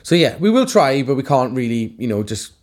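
A man's voice: mid-range voice, big pitch swings, a little fast, a little mellow. A Welsh man with a Welsh accent co-hosting a casual podcast chat, blunt and sweary, who often talks over his co-host. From Wales.

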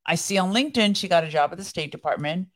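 A middle-aged woman co-hosting a faith podcast, chatting casually and telling animated stories, often acting out other people's lines. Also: fast. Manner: animated storyteller, acts out quoted voices with high excited pitch. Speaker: podcast co-host. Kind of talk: casual conversation.

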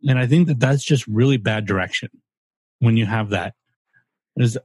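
A man's voice: medium pitch, normal speed, a little mellow, husky, dry recording. A man co-hosting a podcast, casual and blunt, voicing strong opinions with some swearing. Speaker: podcast co-host. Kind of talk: casual chat.

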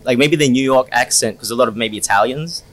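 A man's voice: medium pitch, fast, fairly bright tone. A man co-hosting a casual podcast, musing aloud and asking questions, often ending lines with "eh". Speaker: podcast co-host. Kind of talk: casual chat.

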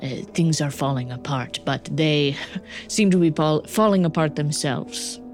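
A woman's voice: low voice, unhurried, darkish tone, soft background music. A woman voicing a weary human man who speaks dismissively and sardonically.

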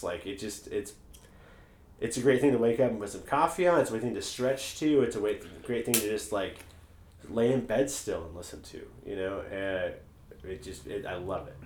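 Podcast co-host, male, lowish voice, rambling and profane, echoey room. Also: a little hiss or hum. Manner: rambling, animated, swears freely. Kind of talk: casual chat.

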